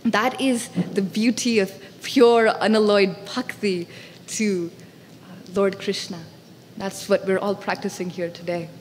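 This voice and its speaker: A woman telling a devotional story to a congregation, animated and acting out the characters. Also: mid-range voice, a little slow, in a large hall, slight background noise. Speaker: storyteller speaker. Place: temple hall.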